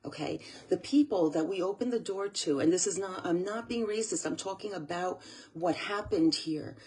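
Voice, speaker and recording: A woman's voice: lowish voice, normal speed, warm tone, husky. A woman from the United States, a channel host, talking earnestly to camera, close to tears and repeating herself. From USA. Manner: earnest, tearful, repeats phrases. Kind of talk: emotional monologue to camera.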